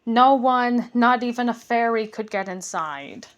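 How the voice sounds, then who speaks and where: A woman reading a children's chapter book aloud as a gentle bedtime story. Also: fairly high pitch, lively intonation, unhurried.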